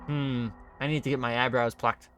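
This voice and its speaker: A man's voice: medium pitch, fairly even intonation, normal speed, a bit bright, faint music behind. A male streamer reading a detective game's dialogue aloud with dry, wry asides.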